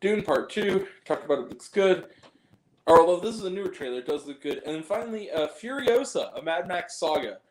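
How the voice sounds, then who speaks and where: A man's voice: high voice, lively intonation, fairly quick, darkish tone. Ranting, swearing man in an echoey room. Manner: ranting, profane, exasperated. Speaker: movie reviewer host. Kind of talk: casual spoken movie review.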